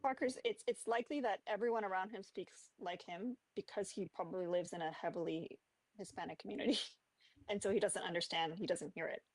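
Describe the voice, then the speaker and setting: A woman's voice: medium pitch, fairly quick, no room sound. Woman with a Miami accent, firm, dismissive, dry close mic. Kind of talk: casual debate.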